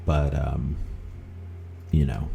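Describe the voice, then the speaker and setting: A man's voice: a bass voice, level tone, very slow, gravelly, warm tone, soft background music. A man hosting a podcast, telling a personal story in a rambling, conversational way, with many fillers and restarts. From Vancouver. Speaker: podcast host.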